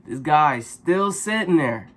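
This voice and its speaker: A man vlogger telling a casual story in an animated, exasperated, slangy way. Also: on the high side, slow, a little hiss or hum.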